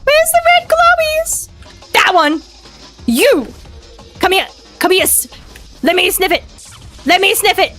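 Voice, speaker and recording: High, bright-voiced frantic woman streamer. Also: lively intonation, measured pace, pauses often, soft background music. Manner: frantic, swearing, talks herself through the game. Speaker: VTuber streamer. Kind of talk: live gameplay commentary.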